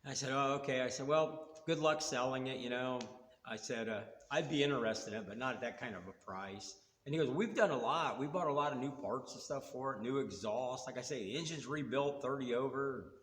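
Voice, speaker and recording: A man's voice: mid-range voice, brisk, a bit bright. Rambling man telling car stories. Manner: rambling, retells dialogue with quoted back-and-forth. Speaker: car hobbyist storyteller. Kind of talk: casual storytelling. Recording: echoey room with long reverb.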